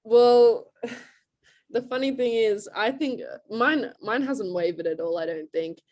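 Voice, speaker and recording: A woman's voice: a little high, takes it slowly, darkish tone. A young Australian woman with an Australian accent, a college lacrosse player answering casual interview questions over a video call, chatty, laughing often and full of "like" fillers. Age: young adult.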